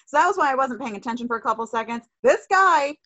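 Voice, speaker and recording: A woman's voice: fairly high pitch, rapid-fire, a bit bright, soft background music. A woman chatting casually, telling a story in an exasperated, sarcastic way. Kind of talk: casual chat.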